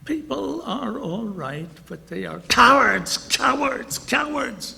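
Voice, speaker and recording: A man's voice: animated, a little slow, vocal fry, full character voice. An older man putting on the voice of a blunt, proud little old Russian woman as he tells a story. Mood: scornful. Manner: high quavering put-on voice. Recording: echoey hall, faint noise.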